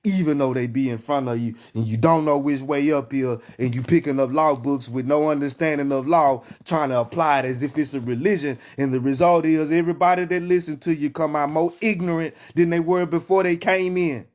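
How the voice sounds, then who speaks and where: A man's voice: a little high, steady tone, a little fast, few pauses, a little mellow. Fiery Texan man preaching. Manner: emphatic, repetitive call-and-response. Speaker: online preacher. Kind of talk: fiery live-stream preaching.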